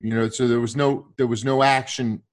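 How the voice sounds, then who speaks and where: A man casually telling a story in conversation, animated and often slipping into the quoted voices of others. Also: mid-range voice, normal speed. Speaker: guest storyteller.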